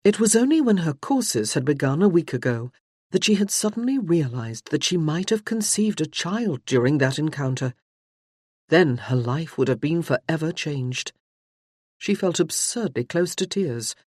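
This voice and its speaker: A woman narrating a historical romance audiobook in a measured, expressive reading. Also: low voice, slightly rough, no room sound, clean studio sound. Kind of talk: scripted narration.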